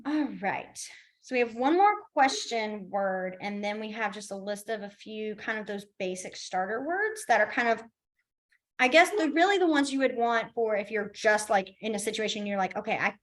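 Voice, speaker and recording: A woman's voice: mid-range voice, normal speed. A young woman teaching a beginners' class, upbeat and encouraging, with frequent fillers. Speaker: sign language teacher. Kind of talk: casual online class instruction.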